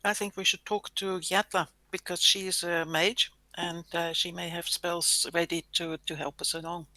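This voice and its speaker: A man with a high, very bright voice chimes into his gaming group's planning with short, agreeable answers. The sound is dry and close. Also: little pitch movement, moderate pace, dry recording. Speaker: tabletop game player. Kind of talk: casual planning talk at the game table. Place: home, online voice chat.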